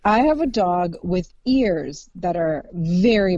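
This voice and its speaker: A woman's voice: fairly low pitch, expressive, takes it slowly, few pauses, darkish tone, no echo. A woman in casual chat, gushing and laughing often, with many "like"s. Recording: dull, dry sound.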